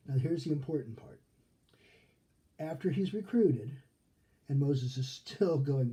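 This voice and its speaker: A man's voice: fairly high pitch, measured pace, pauses often, dark tone. A male rabbi giving a casual Torah study lesson, talking conversationally and often checking in with "okay?". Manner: acts out quoted characters in his retelling.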